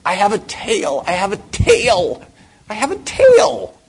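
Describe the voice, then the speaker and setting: A man voicing a frantic patient in a joke who keeps insisting he has a tail, his voice climbing high and loud. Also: wildly swooping pitch, slow pace, vocal fry, breathy edge, full character voice. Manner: shrill, rising insistence.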